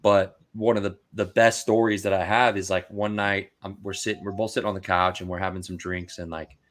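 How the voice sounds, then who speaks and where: A man on a podcast telling casual, animated stories about card breaking, full of "dude" and "like.". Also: low voice, a little fast. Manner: animated, acts out quoted voices, says dude and like a lot. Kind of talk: casual storytelling chat.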